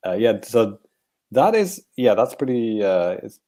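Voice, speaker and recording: A man with a low, dark and mellow voice chats casually as a podcast co-host. He rambles through his points with lots of fillers and little chuckles. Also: big pitch swings, a little slow. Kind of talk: casual chat.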